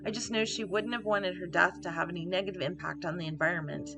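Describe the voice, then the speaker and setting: Woman, gravelly voice, casual let's play commentary, reads emails aloud, music in background. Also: fairly low pitch, steady tone, fast talker. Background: game music.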